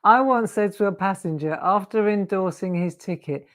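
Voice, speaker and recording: A woman's voice: mid-range voice, moderate pace. An English woman hosting a live crafting show, telling rambling anecdotes and laughing often. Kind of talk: chatty storytelling while crafting.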